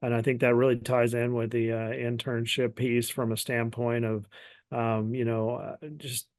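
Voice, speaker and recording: Man moderator, monotone, dry close sound, relaxed, hesitant fillers. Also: medium pitch, normal speed, dry recording. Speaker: panel moderator. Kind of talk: moderating a panel.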